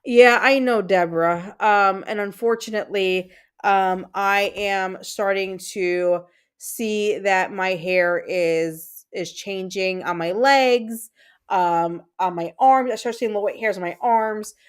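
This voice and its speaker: A chatty livestream host from Puerto Rico, a woman in her thirties with a Puerto Rican accent, reads out viewers' comments and wanders from topic to topic with fillers and repeated words. Her medium-pitched voice is smooth and slow.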